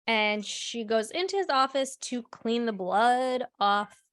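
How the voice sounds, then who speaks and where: A woman's voice: fairly high pitch, animated, slow pace, fairly bright tone. A woman co-hosting a podcast, recapping a TV episode bluntly in casual chat and swearing freely. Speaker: podcast co-host.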